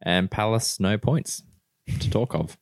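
A man's voice: lowish voice, measured pace, dry recording, clean studio sound. A man co-hosting a casual football podcast, laid-back and laughing often. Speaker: podcast co-host.

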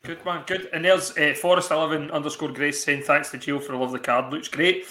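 A man's voice: fairly high pitch, steady tone, a little fast, sharp tone, reverberant, a little hiss or hum. A man hosting a casual podcast chat, swearing freely. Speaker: podcast host.

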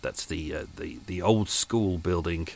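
A man's voice: sits low, a little slow, creaky, darkish tone, no room sound. A man hosting a podcast, chatting casually and rambling with self-mocking asides, recorded at home on a boat. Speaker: podcast host. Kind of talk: casual chat to listeners. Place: small home room on a boat.

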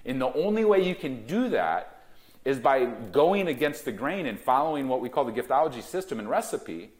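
A man in his thirties talking emphatically as a guest in a podcast interview, founder of a gifting company. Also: mid-range voice. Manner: emphatic, animated salesman.

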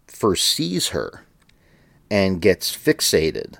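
A man with a very deep, low voice co-hosts a podcast in loose, casual chat. He rambles through his points with plenty of fillers and breaks into laughter often, and the sound is dry and close. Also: huge pitch swings, drawn-out words, gravelly, fairly bright tone, dry recording. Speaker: podcast co-host.

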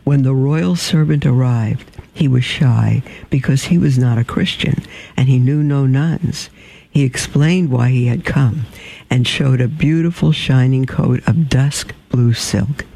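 Male storybook reader, dark mellow tone, creaky and gravelly, measured delivery. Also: mid-range voice, rough recording. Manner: measured, unhurried reading with small slips and throat clearing. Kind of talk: reading a storybook aloud.

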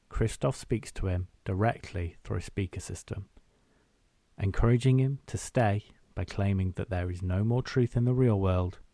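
Low-voiced man recapping a film. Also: vocal fry, no room sound. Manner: animated, quotes scenes in acted-out voices. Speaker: podcast co-host. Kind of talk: casual film chat and plot recap.

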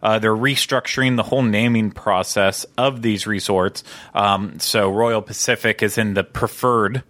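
A young man hosts a relaxed podcast, talking in an enthusiastic, rambling way with lots of ums and restarts. His voice sits a bit low, and the recording is dry and close with no room sound. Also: normal speed, no echo. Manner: chatty, filler-heavy, enthusiastic. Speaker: podcast host. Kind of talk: casual podcast chat.

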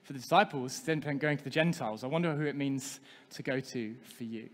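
A man's voice: mid-range voice, a little fast. A man preaching a sermon as pastor, talking with the congregation and asking them questions. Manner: interactive, asks the congregation questions. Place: church hall. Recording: long hall reverb.

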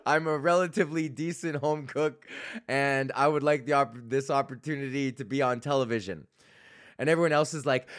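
A man's voice: medium pitch, normal speed, pauses often, fairly bright tone, clear, resonant tone. A young man from Canada hosting a podcast, telling stories in a rambling, swearing, casual monologue and laughing at his own jokes. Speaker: podcast host and comedian.

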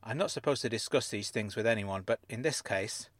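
A man voicing a sharp-tongued middle-aged woman fraudster who speaks in a measured, wry way. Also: lowish voice, dry recording, studio quality.

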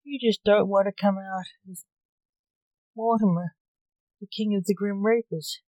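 Woman reading a flippant scheming necromancer, slow and mellow, loud lines. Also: mid-range voice, fairly even intonation, no echo, highs cut off, close to an everyday voice. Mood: indignant. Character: smug scheming necromancer, adult.

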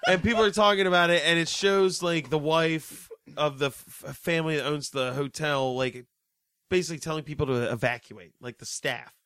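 A man in casual conversation, recapping a movie bluntly, swearing freely and cutting in with quick retorts. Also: on the high side, bright, forceful tone, smooth, dry recording, studio quality. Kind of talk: casual chat.

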